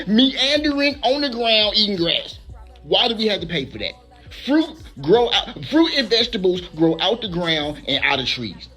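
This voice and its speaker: A man's voice: high-pitched, sharp tone. Incredulous man ranting animatedly. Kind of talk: comedic rant.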